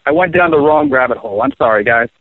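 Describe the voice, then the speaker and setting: A young adult man, a touring bass player, telling rambling, profane, joking road stories as the guest in a casual interview. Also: lively intonation, fast, no room sound. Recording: tinny phone-line sound, dry.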